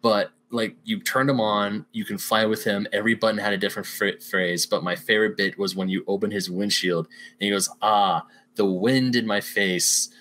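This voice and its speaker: A young man with a fairly low voice, chatting casually as a podcast co-host. He retells favorite scenes animatedly and slips into playful voices for quoted lines. A faint background hum runs under his talk. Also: flat delivery, fairly quick, bright, forceful tone. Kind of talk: casual chat.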